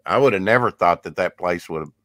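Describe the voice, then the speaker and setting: A man's voice: low voice, fast, fairly bright tone, no echo, studio quality. A man in his fifties hosting a casual live chat, rambling and talkative. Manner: chatty, rambling storyteller. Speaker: livestream host.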